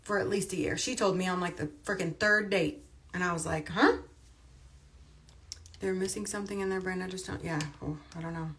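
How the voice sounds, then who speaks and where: A woman's voice: lowish voice, fairly even intonation, brisk, a bit bright. A woman talking on a casual livestream, emphatic and chatty, often repeating her points.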